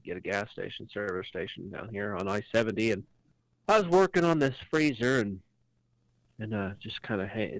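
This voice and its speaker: A man's voice: on the low side, dry recording, rough recording. A man voicing an ailing rural maintenance man with a put-on country drawl, telling a hesitant, rambling story. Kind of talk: comedic bit on a podcast.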